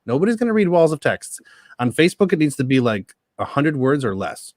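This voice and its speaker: A man's voice: fairly high pitch, big pitch swings, fairly quick, no room sound, studio quality. A man chatting casually as a panel guest, laughing often and restarting his sentences. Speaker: panel guest, copy editor. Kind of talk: casual chat.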